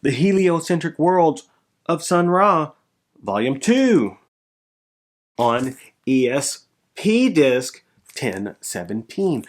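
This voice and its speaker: A man talking casually on his vlog as a record collector, showing his finds and getting excited, his voice jumping up when thrilled and dropping low after. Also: slow. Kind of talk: casual show-and-tell vlog.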